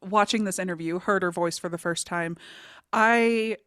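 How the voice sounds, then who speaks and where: A woman co-hosting a casual podcast chat, playful and quick to laugh. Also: lowish voice, a bit bright, clean tone, no room sound, clean studio sound. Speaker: podcast co-host.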